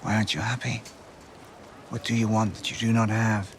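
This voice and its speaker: An actor playing a scheming lord in a TV drama, speaking in a probing, insinuating way. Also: male voice, on the low side, flat delivery, moderate pace, slight background noise, lightly acted.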